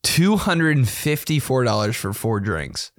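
Lively young man telling stories. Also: mid-range voice, a little slow, no echo, clean studio sound. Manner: animated, profane, laughing, slangy. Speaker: podcast host. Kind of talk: casual storytelling monologue.

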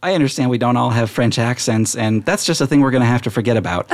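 A man's voice: medium pitch, animated, quick pace, close to an everyday voice. A man voicing a young, squirrelly female gnome tutor who chats in a fumbling, casual way. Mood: chatty.

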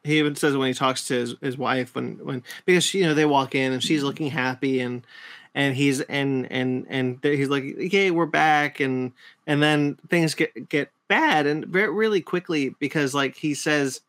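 A man co-hosting a podcast chats casually, rambling and restarting often. His mid-range voice is steady, fairly bright, and moves at a moderate pace.

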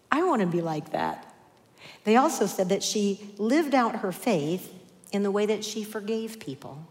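A woman preaching a sermon in an earnest, gentle way, with soft asides. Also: on the low side. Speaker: speaker giving a church message. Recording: reverberant hall.

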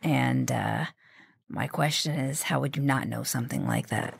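A woman improvising as an interrogator, asking slow, probing questions. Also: rumbling low, creaky, breathy edge, no room sound. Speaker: improv player.

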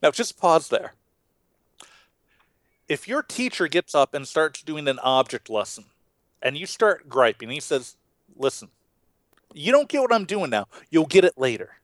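Lively high-voiced man leading Bible talk. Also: a little slow, pauses often, no room sound. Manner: animated, acts out voices with big swings in pitch. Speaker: pastor and podcast co-host. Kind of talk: animated Bible discussion.

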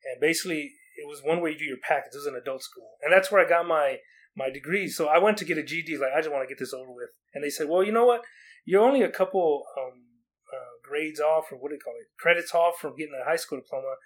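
A young man from Oregon tells a rambling story in casual chat, his words tumbling out quickly in a slightly high voice. He restarts often and acts out what people said. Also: a bit bright. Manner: rambling, many likes and restarts, acts out quotes.

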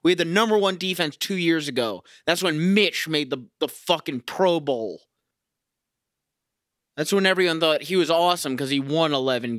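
A man's voice: fairly high pitch, a bit bright, dry recording, clean studio sound. A young man ranting profanely as a sports fan, talking in a casual, exasperated monologue.

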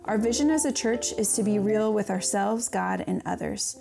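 A woman's voice: medium pitch, moderate pace, gravelly. A woman reading a welcoming scripted podcast intro. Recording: voice over music.

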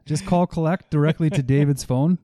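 A man guesting on a podcast speaks in a mellow, warm voice that sounds dry and close. He is easygoing and teases the host now and then. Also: fairly high pitch, fairly quick, no room sound. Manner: easygoing, teasing. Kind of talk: casual podcast chat.

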